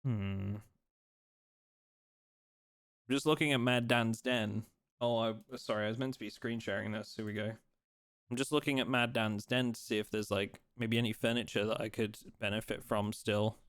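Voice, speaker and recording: A man streaming a game live, chatting casually in a relaxed, rambling way and teasing his chat. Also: on the low side, normal speed, clear, resonant tone, no echo, clean studio sound.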